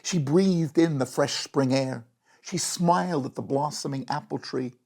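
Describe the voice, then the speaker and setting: A storyteller reading a bedtime story aloud in a gentle, animated way, with a gravelly, breathy voice. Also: mid-range voice, unhurried.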